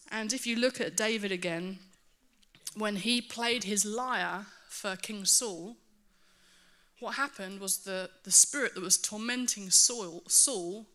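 Speaking in a medium pitch, a woman preaches a sermon to her church. She is earnest and animated, adding self-mocking asides.

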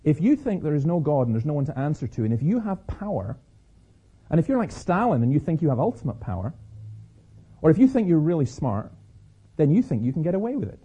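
A man speaks to a crowd about faith, his voice very dark and mellow with a husky edge. He tells stories, often stopping to restart or repeat a word. The recording sounds dull and lo-fi. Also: a little high, big pitch swings, fast. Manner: storytelling, frequent restarts and repeated words. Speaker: Christian speaker. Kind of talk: public talk with personal stories.

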